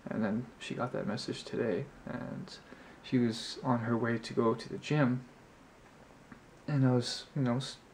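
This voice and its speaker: A man tells a story straight to his camera in an easygoing, rambling way, leaning on filler words as he goes. His voice sits at a middling pitch with a gravelly, fry-edged texture. A faint background noise hums under the recording. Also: fairly even intonation, a little slow, a little mellow. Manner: rambling, heavy on "you know" fillers. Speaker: vlogger.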